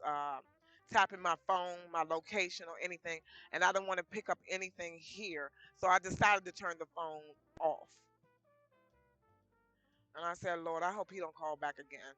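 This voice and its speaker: A woman's voice: on the low side, moderate pace, no room sound. Woman vlogger, chatty storyteller who voices every quoted line, faint music underneath. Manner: lively retelling full of quoted dialogue. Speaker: vlogger telling her life story. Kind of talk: casual personal storytelling.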